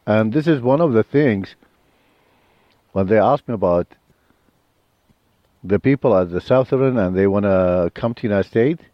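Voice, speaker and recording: A low-voiced man speaks earnest, blunt English with grammar. The sound is a little muffled and dry, with faint music underneath. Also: a little slow, pauses often, dry recording. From Iraq. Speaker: guest. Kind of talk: casual conversation. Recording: slightly dull with faint music.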